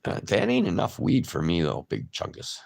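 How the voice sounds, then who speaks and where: A man with a deep, heavily gravelly voice talks slowly with his viewers on a livestream. His pitch swings widely as he reacts to their comments and calls them by name. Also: huge pitch swings, a little mellow. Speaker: livestream host. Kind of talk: casual livestream chat.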